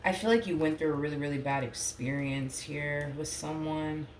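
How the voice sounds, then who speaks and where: A woman's voice: low-pitched, normal speed, a little mellow, echoey room, slight background noise. A woman giving a casual tarot reading, chatty and full of fillers, saying she does not like getting emotional. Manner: chatty, filler-heavy, reluctant to get emotional. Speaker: tarot reader.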